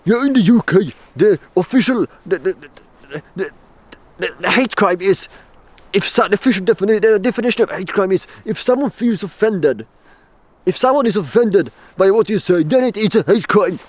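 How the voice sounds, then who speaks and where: A man's voice: high-pitched, animated, moderate pace, no room sound, voice pushed up. A man voicing a stern, officious female police officer who keeps stumbling over her words.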